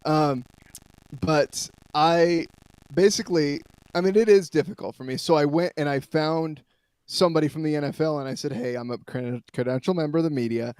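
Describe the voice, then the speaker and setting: A man reporting as a guest on a sports talk show, telling a long story in a rambling, animated way with many restarts. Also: fairly high pitch, moderate pace, smooth, dry recording, clean studio sound.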